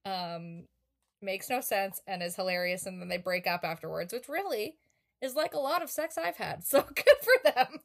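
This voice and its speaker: A woman's voice: medium pitch, lively intonation, moderate pace, creaky. A woman co-hosting a casual recap podcast, joking and sarcastic. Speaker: podcast co-host.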